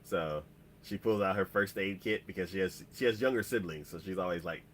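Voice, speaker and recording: Man, podcast co-host, casual recap, rambling filler-heavy delivery, bright slightly low voice. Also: a little fast, slight background noise. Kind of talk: casual chat, recapping an episode.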